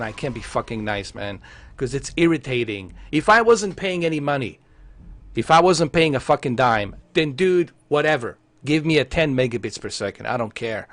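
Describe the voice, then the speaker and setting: A man's voice: mid-range voice, a bit bright, no room sound. Profane, fired-up man on a live stream. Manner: heated, profane ranting with many fillers. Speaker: tech streamer. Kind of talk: casual live stream chat.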